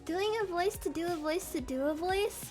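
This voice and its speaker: A woman's voice: very high voice, moderate pace, darkish tone, soft background music. A woman streamer in casual chat, giggly and rambling, with lots of "like" fillers.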